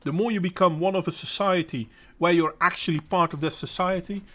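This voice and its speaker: Dutch guy, middle-aged, kinda high voice, hosting a chat and talking straight at viewers, blunt and emphatic, stops to hunt for words. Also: steady tone, a little fast, bright, forceful tone. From Netherlands. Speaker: host answering viewers. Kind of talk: casual opinionated monologue.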